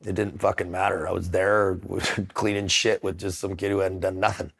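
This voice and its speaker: A middle-aged man with a low, gravelly voice tells his story in a loose, unscripted interview. He talks bluntly and swears freely, often stopping and restarting his sentences. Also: level tone, a bit bright. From United States. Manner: profane, blunt, halting restarts. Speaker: interview guest. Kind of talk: casual storytelling.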